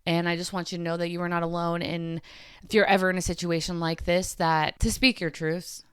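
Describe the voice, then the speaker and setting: Woman hosting a solo confessional podcast to camera, earnest and emotional, voice smooth and close with a dead-dry sound. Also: on the low side, little pitch movement, fairly quick, no room sound. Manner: earnest and emotional, with frequent "like" fillers and trailing restarts. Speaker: podcast host. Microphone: camera mic.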